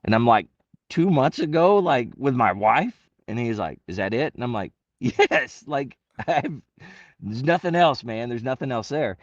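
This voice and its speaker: A middle-aged man, a retired Marine, casually telling stories and acting out the voices of the people in them, with sudden jumps in pitch and laughter. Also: normal speed, no echo, dull audio. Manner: animated, acts out quotes with big pitch jumps and laughs. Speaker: interview guest, retired Marine. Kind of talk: casual storytelling.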